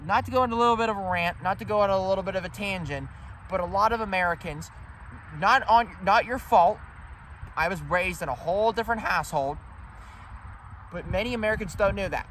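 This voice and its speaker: A man giving an emphatic, rambling history talk to viewers while standing outdoors in a cemetery, calling them ladies and gentlemen. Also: high-pitched, brisk, slight background noise. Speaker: history vlogger. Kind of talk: walk-and-talk history vlog.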